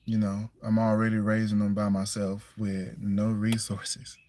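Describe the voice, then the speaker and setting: A single father chats casually on a livestream in a lowish, mellow, monotone voice, never rushing. He's firm and plainspoken about household rules, repeating himself and checking in with "you know what I'm saying."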